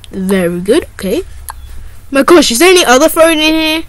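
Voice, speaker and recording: A woman plays out a toy role-play, voicing a whole cast on her own. Her voice sits high and swoops widely, and she keeps slipping into giggles. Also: expressive, normal speed, poor audio. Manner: giggly, playful, often breaking into laughter.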